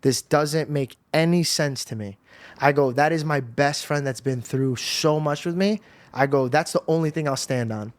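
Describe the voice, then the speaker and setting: A young man with a fairly high voice speaks at a normal speed, with no room sound, as a guest on a podcast. He shares an emotional personal testimony, telling it casually and animatedly and full of slang.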